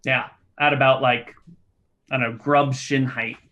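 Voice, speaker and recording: A man narrating as game master, describing scenes in an easygoing, lively way. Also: medium pitch, unhurried, muffled recording.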